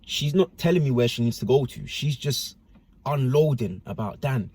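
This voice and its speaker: A man's voice: mid-range voice, expressive, normal speed, a little mellow, breathy edge. A man telling a casual personal story to camera in slangy speech with constant tag questions.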